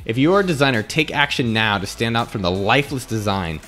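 Man, theatrical read-aloud, laughing through lines, very lively pitch, faint music. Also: quick pace. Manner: theatrical, breaks into laughter while reading. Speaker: host reading old ad copy aloud.

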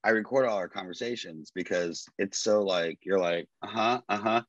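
A man co-hosting a casual podcast tells his stories in a lively way, swearing freely and acting out what people said. His voice sits fairly low. The sound is dry and a little dull, like a lo-fi recording. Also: normal speed, dry recording. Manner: animated storyteller, swears freely, quotes people. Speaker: podcast co-host. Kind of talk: casual chat.

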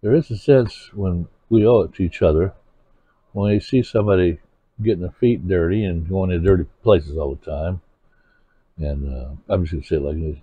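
A male pastor preaches with earnest, searching questions aimed straight at his congregation. His low voice sounds husky. The recording is dry and tinny, like it came over a phone line. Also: normal speed, no echo. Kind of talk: sermon.

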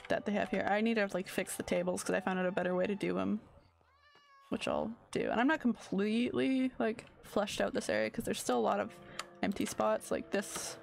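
Sleepy, gravelly-voiced woman streamer. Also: medium pitch. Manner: sleepy, rambling, searching for words. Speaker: game streamer. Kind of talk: casual gameplay commentary.

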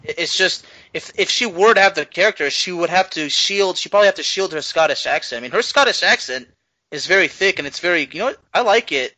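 A man's voice: high voice, animated, fast, bright, forceful tone, dry recording, poor audio. A man co-hosting a podcast, chatting casually and thinking aloud with restarts. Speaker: podcast co-host.

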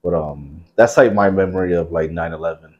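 This man, in his thirties and from New Jersey, hosts a podcast where he tells stories in loose, profanity-filled chat, rambling as he goes. His voice is deep and somewhat dark, he talks fairly quickly, and the audio is dull.

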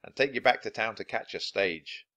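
A man's voice: on the low side, normal speed, bright, forceful tone. Slim, a man doing an easygoing cowboy. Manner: drawling cowboy talk. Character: easygoing adult male cowboy mustang herder.

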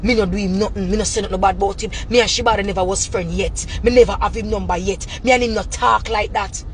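A Jamaican woman ranting to camera in a heated, profane, repetitive tirade that breaks into shouting. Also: mid-range voice, steady tone, fast talker, slight background noise. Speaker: vlogger. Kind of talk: angry rant to camera.

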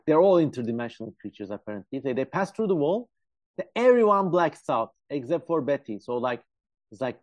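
A man co-hosting a casual podcast animatedly retells a story, tossing in jokey asides and plenty of fillers. His pitch is medium and the recording has no room sound.

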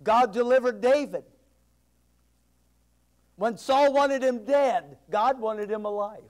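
A male pastor preaching a sermon, moving between loud, emphatic declarations and hushed, drawn-in asides to the congregation. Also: very high voice, takes it slowly.

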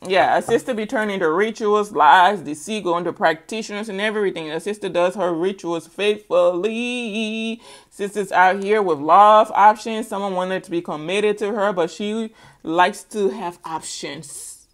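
A woman's voice: medium pitch, measured pace. A middle-aged woman giving a casual tarot reading, sassy and teasing, repeating words for emphasis. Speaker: tarot reader.

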